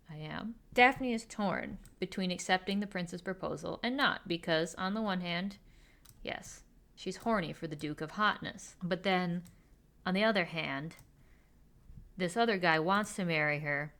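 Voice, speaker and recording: Woman host, wry and sarcastic, casual recap with quick character asides; lowish voice. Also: a bit bright. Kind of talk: casual comedic recap while drawing.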